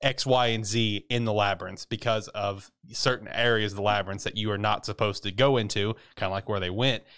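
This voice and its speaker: A man's voice: lowish voice, fairly even intonation, a little fast, few pauses, fairly bright tone, clear, resonant tone. A man co-hosting a podcast, recapping an anime episode in casual, rambling chat, swearing freely and laughing often.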